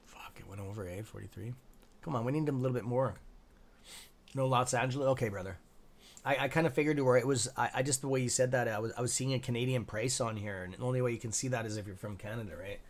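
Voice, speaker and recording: A young male host running a live market stream, swearing freely as he watches the charts. He jumps between hyped calls to his viewers and quiet muttering to himself, his voice at an ordinary mid pitch. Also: quick pace. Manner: excitable, profane, talks to viewers by nickname; mutters asides to himself under his breath. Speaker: stock trading livestream host. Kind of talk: live-streamed market commentary, reading chat.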